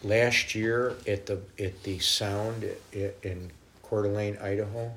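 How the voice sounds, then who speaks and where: A middle-aged man, a traveling minister, telling lively stories in a conversation and acting out the people he quotes. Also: lowish voice, takes it slowly, slight background noise. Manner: animated, laughing, acts out quoted voices. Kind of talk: storytelling in a conversation.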